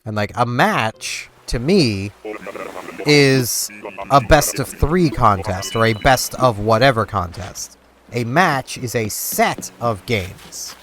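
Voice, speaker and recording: A man's voice: medium pitch, expressive, slow pace, fairly bright tone. A young man from Canada rambling casually over a video game, full of fillers and restarts. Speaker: gaming video host. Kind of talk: casual gameplay commentary. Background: game music.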